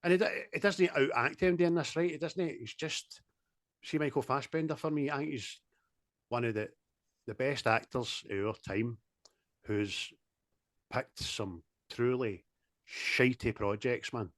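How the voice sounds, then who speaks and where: A man in casual, sweary film chat, animated and quick to laugh, talking over a video call. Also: mid-range voice, no room sound, clean studio sound. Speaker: podcast co-host.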